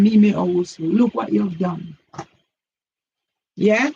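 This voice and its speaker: A man's voice: sits high, a little slow, vocal fry, long pauses, a little mellow, a little hiss or hum. A man hosting a live stream, accusing a viewer in a repetitive, confrontational rant over dull lo-fi audio. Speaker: channel host.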